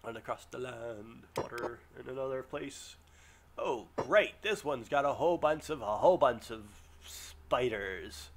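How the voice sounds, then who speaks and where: A man commentating his own gameplay, excitable, yelping and groaning as things go wrong. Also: mid-range voice, measured pace, background noise. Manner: excitable, yelps and groans at setbacks. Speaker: let's play gamer. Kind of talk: live game commentary.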